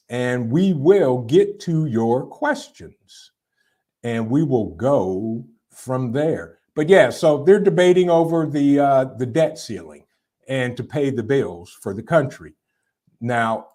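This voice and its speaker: A man's voice: medium pitch, darkish tone. A man hosting a casual live stream, chatting loosely and answering viewer comments with frequent fillers. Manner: rambling, conversational, frequent fillers and repeats. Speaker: livestream host.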